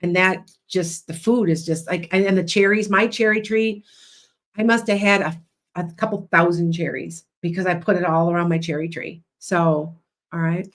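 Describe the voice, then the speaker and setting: A woman hosting a livestream as a psychic and hypnotist, chatting loudly and rambling with many restarts. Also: fairly low pitch, steady tone, normal speed.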